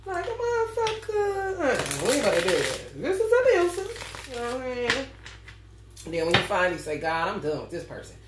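Animated woman tarot reader in an echoey room. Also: on the low side, fast talker. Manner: animated, laughs often, heavy swearing. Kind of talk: casual, profane storytelling to viewers. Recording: roomy echo, mic at a distance, faint background noise.

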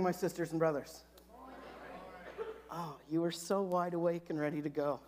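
Slow, low-voiced woman pastor preaching. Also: darkish tone. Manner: slow, emphatic reading with nervous asides. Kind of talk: sermon with scripture reading. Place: church sanctuary.

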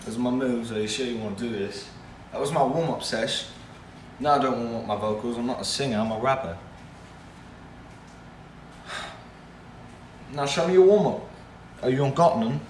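A man's voice: mid-range voice, quick pace, roomy sound, distant mic, a little hiss or hum. A young man chatting and joking goofily on a casual live stream from his house. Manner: goofy, joking, excitable.

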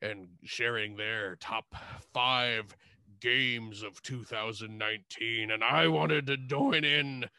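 A man playing a lewd, mischievous male Devil and fallen angel in a comedy bit on a video call, with a gravelly, pirate-like growl. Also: mid-range voice, steady tone, slow pace, pushed and bright, dry recording, clean studio sound, heavily acted. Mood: mock-grand. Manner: leering, teasing, cackling.

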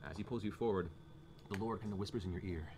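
A man narrating a tabletop game as game master, with descriptive, fast narration. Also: sits low. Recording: noisy stream audio.

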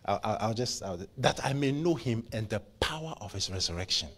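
A man preaching a church sermon, impassioned, with stammering repeats, dropping to hushed whispers and then rising to loud bursts. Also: fairly low pitch, lively intonation, brisk. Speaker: pastor. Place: church service.

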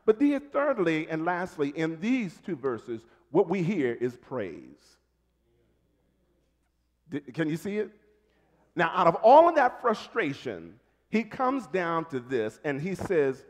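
Man preaching, American accent, high lively voice, long church reverb. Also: measured pace. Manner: animated preaching, calls to congregation. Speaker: pastor. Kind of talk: sermon. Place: church sanctuary.

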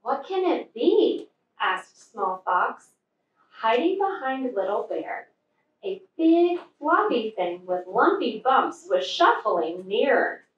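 A woman, a teacher, reading a picture book aloud to children in a slow, expressive way. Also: on the high side, highs cut off. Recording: echoey room from far off.

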